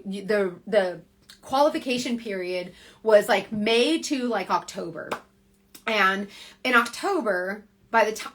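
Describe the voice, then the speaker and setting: Bright chatty woman. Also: medium pitch. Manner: chatty and rambling, full of "like" and self-corrections. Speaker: direct sales team leader. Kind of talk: casual motivational livestream talk. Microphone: phone on a social media livestream.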